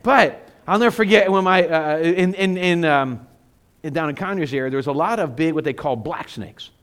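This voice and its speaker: A middle-aged male pastor preaching a sermon, telling stories with animated, self-mocking humor. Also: on the high side, moderate pace, clean tone.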